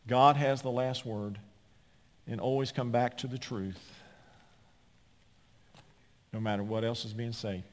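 A man pastor delivers his sermon in an emphatic storytelling way at a middle pitch. His voice rings out with a long hall reverb through a large sanctuary. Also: steady tone. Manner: emphatic, storytelling preacher with quick asides.

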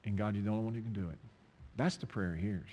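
A man preaching a sermon, emphatic, swinging from loud pointed questions to low, intimate asides. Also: quick pace, husky, big-room sound.

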